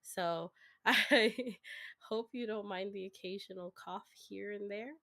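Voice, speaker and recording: Woman, soft-spoken, sick with a cough, unhurried, giggly, casual stream chat. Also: medium pitch, steady tone. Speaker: guest streamer. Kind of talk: casual chat while drawing.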